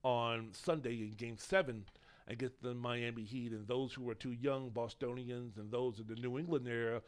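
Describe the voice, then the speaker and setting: A man hosting a solo sports podcast, talking in a rambling, opinionated way and swearing casually. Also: medium pitch. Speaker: podcast host.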